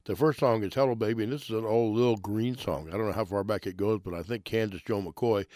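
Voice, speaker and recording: A man with a fairly low voice introduces records on a radio show. He talks in an easygoing, musing way and sometimes stops to search for a detail. The sound is dry and close, with no room around it. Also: a little mellow, dry recording. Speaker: radio music host. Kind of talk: casual commentary introducing songs.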